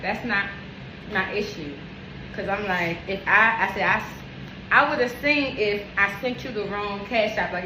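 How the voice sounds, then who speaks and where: A young woman hairstylist telling a story to her phone camera, animated, emphatic and full of swearing. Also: medium pitch. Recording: echoey room with steady background noise.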